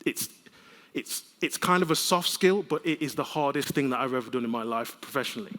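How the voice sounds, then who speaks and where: Animated male keynote speaker in a reverberant hall. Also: mid-range voice, brisk. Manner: lively, conversational storytelling with humor. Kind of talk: conference keynote talk. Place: large conference hall. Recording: long reverb of a conference hall.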